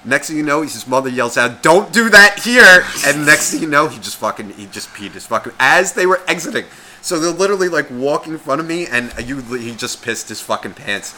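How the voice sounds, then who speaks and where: A man's voice: medium pitch, fairly quick. A man in his thirties telling a story in casual podcast chat, swearing often and acting out other people's lines. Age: 30s. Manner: animated, profane, acts out quoted voices. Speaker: podcast co-host.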